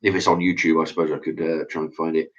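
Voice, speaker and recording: A man's voice: rumbling low, flat delivery, fast. A man hosts a casual opinion chat and reads viewer comments, talking bluntly and profanely in a ranting way. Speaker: channel host reading viewer comments. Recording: dull lo-fi sound.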